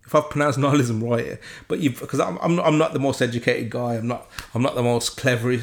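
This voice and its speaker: A man giving an informal, earnest Bible study, getting excited, talking with many restarts and self-deprecating asides. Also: mid-range voice, brisk. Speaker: Bible teacher.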